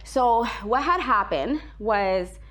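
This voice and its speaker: A woman's voice: on the high side, animated, takes it slowly, a bit bright. A woman in her thirties, a vlogger, telling a personal story to her viewers in a chatty, earnest way, with many fillers and emotion showing through. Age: 30s.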